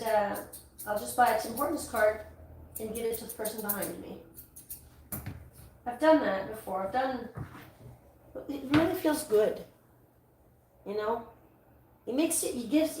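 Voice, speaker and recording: A talkative woman grooming dogs, rambling with restarts in a fairly high voice. She sits away from the mic in a very echoey salon, with faint noise behind her. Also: darkish tone, distant mic. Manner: rambling, chatty, full of restarts. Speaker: dog groomer. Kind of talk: casual chat while working.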